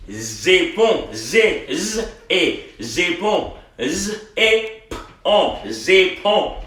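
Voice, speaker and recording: Male language teacher, bright voice, very slow, repeats and spells words, echoey room, off-mic. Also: high voice, very animated, far from the mic. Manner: slow, drawn-out word repetition for practice.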